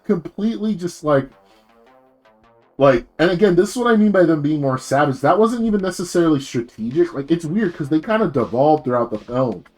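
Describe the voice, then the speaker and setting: A man's voice: on the high side, lively intonation, brisk, a little mellow, soft background music. A man streaming as a VTuber, rambling in a casual rant full of fillers and swearing.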